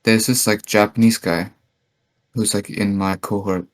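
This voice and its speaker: A man's voice: lowish voice, little pitch movement, a little slow. A young man co-hosting a podcast in casual chat, telling stories in a rambling way with many "like" fillers. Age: young adult. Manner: rambling storytelling, constant "like" fillers; acts out quoted dialogue. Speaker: podcast co-host.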